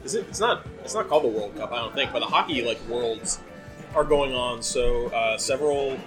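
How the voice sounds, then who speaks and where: Male podcast host, mid-pitched, loose rambling chat with frequent laughs, music behind. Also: expressive, a little fast. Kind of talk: casual chat.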